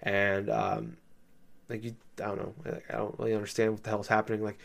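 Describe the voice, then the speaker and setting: A man's voice: fairly low pitch, flat delivery, brisk, vocal fry. A man in casual chat, rambling with many fillers, swearing and laughing as he recounts playing a game.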